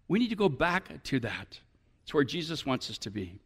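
A male pastor preaching a sermon to his church, often building up to animated, emphatic appeals. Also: on the high side, normal speed, husky.

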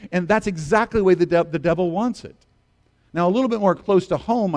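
A man in his fifties preaches a sermon earnestly and conversationally, often restarting his sentences. His voice is a little high and a little mellow, and the recording carries the long reverb of a large hall.

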